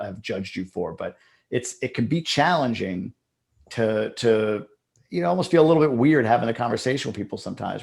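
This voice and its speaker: A man with a gravelly, slightly creaky voice hosts a casual interview. He rambles a little and restarts his sentences as he hands questions to his guest. His pitch sits right in the middle for a man. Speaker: host.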